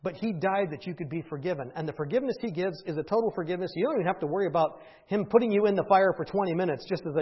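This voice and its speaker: A man's voice: high-pitched, animated, racing, slightly rough, muffled recording. A man preaching a conversational sermon who keeps asking the congregation questions and tagging on "right?". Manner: conversational, asks the audience questions, often adds "right?". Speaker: pastor.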